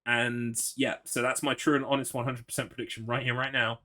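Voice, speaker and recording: Chatty man, bright tone. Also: medium pitch, level tone, fairly quick. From United Kingdom. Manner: rambling, chatty, frequent restarts and swearing. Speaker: streamer. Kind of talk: gaming livestream commentary.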